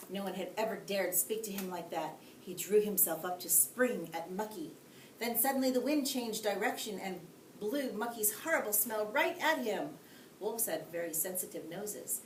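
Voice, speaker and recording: Woman teacher reading a bedtime story, very lively up-and-down delivery, echoey room, mic set back. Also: medium pitch. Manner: expressive, asides to young listeners. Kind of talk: read-aloud storytelling. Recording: echoey room, distant mic, faint hiss.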